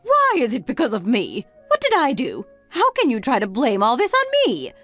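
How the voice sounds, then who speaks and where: A woman's voice: a little high, huge pitch swings, moderate pace, fairly bright tone, soft background music, exaggerated voice. A woman voicing an exasperated middle-aged mother who scolds her grown son with one reproachful question after another, read as a texting-story voice-over.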